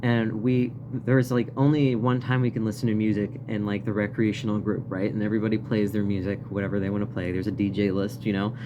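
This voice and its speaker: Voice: medium pitch, flat delivery, quick pace, hardly any pauses, highs cut off, background noise. A vlogger telling a story in a casual, rambling rant, swearing often and laughing now and then. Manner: profane, rambling, frequent laughs.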